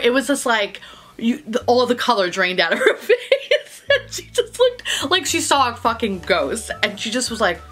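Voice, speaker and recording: A woman's voice: a little high, a bit bright. A woman with a New York accent telling a profane, laugh-filled story in a casual vlog. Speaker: beauty vlogger.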